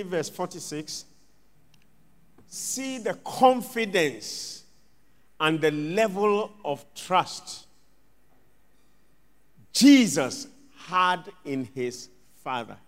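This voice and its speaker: A man preaching a sermon as pastor, swinging from loud outbursts to hushed asides and acting out little scenes. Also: sits high. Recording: long reverb of a large hall.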